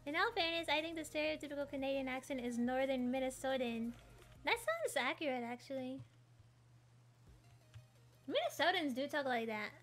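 A woman's voice: sits high, lively intonation, normal speed, long pauses, fairly bright tone, faint music behind. A woman from the United States chatting playfully while gaming on stream, teasing and giggling. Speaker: streamer playing a game. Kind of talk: casual gaming chat.

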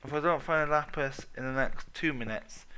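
A man's voice: fairly high pitch, moderate pace, sharp tone, slight background noise. A young man giving a let's play commentary, muttering, humming and swearing freely to himself as he plays. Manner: swears often, mutters and hums to himself while playing. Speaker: gaming commentator.

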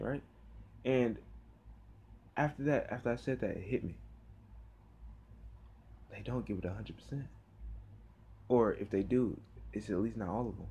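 A teenage boy talking casually to camera in a tired, rambling way, with sighs and halting fillers. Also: fairly low pitch, lively intonation, a little mellow, slightly rough. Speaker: vlogger. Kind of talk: casual talk to camera about football practice.

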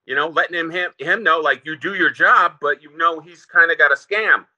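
A man, a former prison lieutenant, telling stories in a relaxed interview, rambling with restarts and fillers. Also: a little high, normal speed, muffled recording. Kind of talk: casual interview storytelling.

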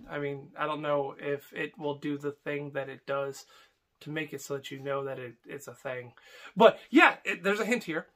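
A young man with a fairly high voice chats casually to his viewers. He rambles, trails off and restarts his sentences, filling the gaps with ums and uhs. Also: gravelly, pushed and bright. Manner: rambling and affectionate, with many fillers and restarts. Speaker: homestead vlogger. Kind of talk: casual vlog chat.

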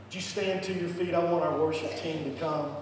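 A male pastor preaching an altar call, swinging from impassioned near-shouts down to soft, hushed prayer. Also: on the high side, fairly even intonation, brisk. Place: church sanctuary. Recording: echoey church hall from far off, noisy.

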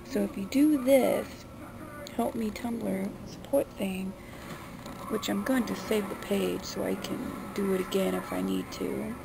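A woman's voice: mid-range voice, steady tone, a little slow, creaky, background noise. A young woman vlogger talking bluntly and defensively, swearing freely in a casual rant. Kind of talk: casual ranting vlog.

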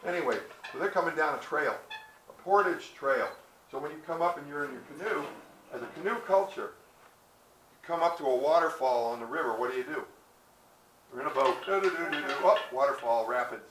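A man's voice: on the high side, brisk, fairly bright tone, roomy sound, slight background noise, poor audio. A man giving a history talk outdoors, telling stories in a folksy way and acting out the characters. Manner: storytelling, folksy, acts out characters with hesitations. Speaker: presenter.

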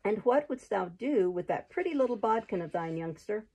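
A woman's voice: mid-range voice, animated, moderate pace, creaky, dark tone, husky, muffled recording. A woman reading aloud, voicing a confident, good-humored male outlaw leader in a storybook. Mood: stern.

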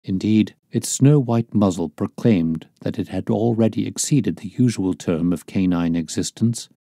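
A man reading a classic detective novel aloud as storyteller, in measured, descriptive narration. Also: fairly low pitch, mellow, no echo, studio quality.

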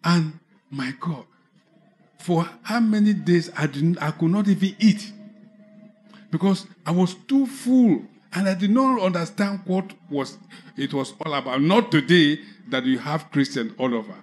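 A man preaching with a Nigerian English accent, telling a personal conversion testimony slowly, with halting restarts. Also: fairly high pitch. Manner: slow, halting storytelling with restarts. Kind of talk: testimony sermon.

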